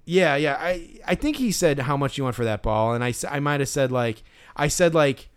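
A man's voice: mid-range voice, brisk, clear, resonant tone. A man co-hosting a podcast, telling a story in casual chat with lots of fillers and restarts. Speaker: podcast co-host.

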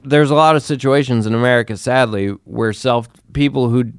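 A man's voice: mid-range voice, brisk, clean tone, no echo, studio quality. A man co-hosting a podcast, telling a story in casual chat and acting out the people in it. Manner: animated storytelling, quotes people in acted voices. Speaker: podcast co-host.

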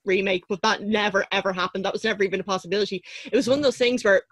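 A woman in her thirties, chatting casually as a podcast co-host and telling an animated story. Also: racing, no echo. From Ireland. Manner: animated storyteller, acts out quotes in a high squeal. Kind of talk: casual chat.

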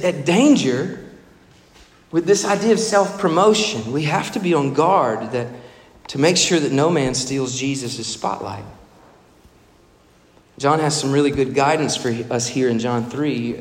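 A man preaching a sermon, expressive and emphatic, now and then acting out the voices in the stories he tells. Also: on the high side. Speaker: pastor. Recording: echoey hall reverb.

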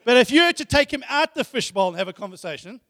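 A man's voice: very high-pitched, lively intonation, fast, creaky, a bit bright. A man preaching a sermon, emphatic, repeating phrases and asking rhetorical questions. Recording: long hall reverb.

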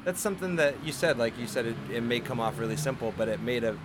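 A man hosting a podcast interview, calm and affirming, often ending points with "right?". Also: mid-range voice, fast, noisy background. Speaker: podcast host. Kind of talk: reflective interview talk.

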